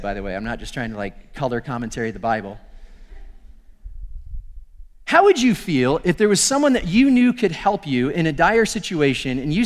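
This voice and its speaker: A male pastor giving a sermon, telling the story with animated acted-out dialogue. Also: high voice, in a large hall.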